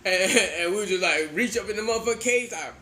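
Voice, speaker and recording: A man's voice: high-pitched, fast talker, bright, forceful tone. A man in his forties telling a funny childhood story in casual, profane slang, laughing often as he goes.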